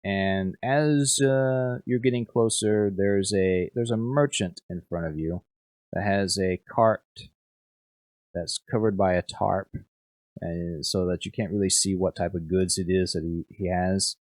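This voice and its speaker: A man's voice: sits low, fairly even intonation, measured pace, a little mellow, no echo. A young man narrating as game master, rambling with lots of fillers and repeated words.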